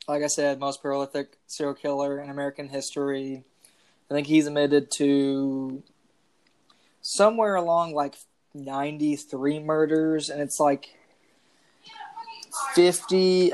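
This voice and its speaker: A woman's voice: low-pitched, fairly even intonation, measured pace, pauses often, a little mellow. A woman co-hosting a casual true-crime podcast, rambling with many fillers. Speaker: podcast co-host.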